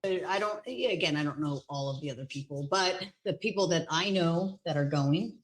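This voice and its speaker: Rambling woman with a low voice. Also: moderate pace, hardly any pauses, poor audio. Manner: rambling, teasing, many fillers. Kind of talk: casual chat.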